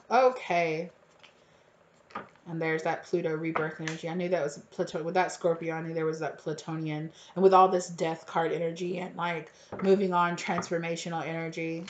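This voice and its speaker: A woman's voice: fairly low pitch, reverberant, noisy background. A woman giving a casual tarot reading to her viewers, talking loosely with lots of fillers and repeated words. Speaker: tarot reader.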